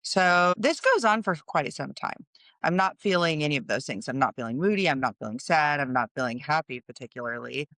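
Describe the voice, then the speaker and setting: A woman's voice: low-pitched, animated, brisk, fairly bright tone, dry recording, studio quality. Earnest middle-aged woman telling a story. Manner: earnest, conversational, explains as she goes. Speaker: podcast host. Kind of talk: personal storytelling monologue.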